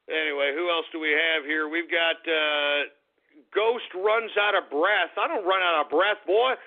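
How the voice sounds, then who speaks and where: Ranting, high-voiced male radio host. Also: measured pace. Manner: ranting, profane, mocking. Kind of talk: talk radio rant. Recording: tinny phone-line radio sound.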